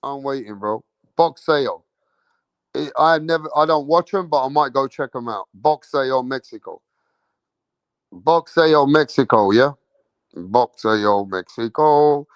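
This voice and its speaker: Hosting a boxing livestream, this London-accented man is brash and slangy, cursing and repeating himself while he throws questions to chat and waits for replies. His medium-pitched voice moves at normal speed, and the recording is dry and muffled.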